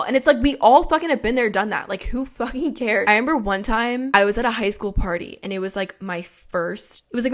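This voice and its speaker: A young woman in her twenties hosts a podcast in loose, casual chat. She rambles, swears freely and leans on fillers as she goes, with a voice of ordinary female pitch. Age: 20s. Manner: frank, profane, rambling with many fillers. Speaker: podcast host.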